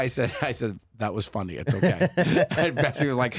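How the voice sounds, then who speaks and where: A man's voice: medium pitch, animated, normal speed, husky, dry recording. Chatty laughing man, dry studio sound. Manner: laughs often while telling stories, acts out quoted voices. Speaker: podcast co-host. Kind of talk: casual chat, storytelling.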